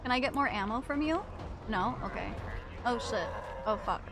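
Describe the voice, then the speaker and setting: Lively high-voiced woman streamer. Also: moderate pace. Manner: giggly, self-mocking, swears a lot. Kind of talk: casual gaming stream chat.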